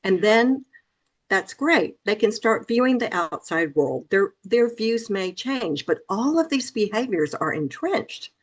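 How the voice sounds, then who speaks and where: A middle-aged woman from Memphis, Tennessee, talking as an author guest in an interview. She speaks earnestly and emphatically, with a voice of middling pitch, and repeats phrases for stress. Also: very animated, a little slow. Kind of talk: interview conversation.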